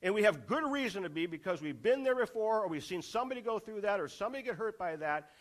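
High-voiced man preaching a sermon. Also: lively intonation, quick pace. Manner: rhetorical questions and emphatic repetition.

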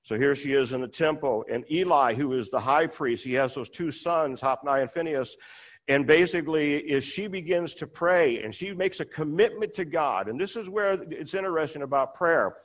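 A man with a notably high voice delivers a sermon in an easy, conversational way. He retells the scripture passage with asides, and he voices the characters' lines by pushing his pitch higher. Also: normal speed. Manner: conversational, acts out quoted dialogue with rising pitch. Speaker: preacher.

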